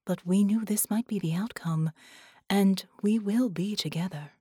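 A woman voicing a gentle, steady heroine who speaks softly, almost in a whisper. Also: medium pitch, moderate pace, husky, no room sound, studio quality, lightly acted. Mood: tender.

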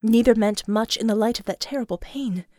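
A woman narrating an audiobook in an expressive, measured storytelling manner. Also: on the high side, no room sound, studio quality.

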